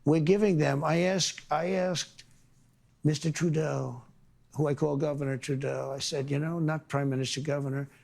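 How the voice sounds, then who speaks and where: A man answers an interviewer in short, boastful, repetitive phrases that ramble on. His voice is gravelly and sits a bit high. He talks in a confident, sweeping way. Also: fairly even intonation, moderate pace, a little mellow. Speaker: president being interviewed.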